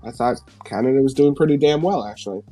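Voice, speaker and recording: A man's voice: mid-range voice, fast, dark tone, soft background music. Sarcastic, profane man reading the news. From New York. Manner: sarcastic, profane, laughs often while reading headlines. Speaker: live-stream host. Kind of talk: casual live-stream news commentary. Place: home.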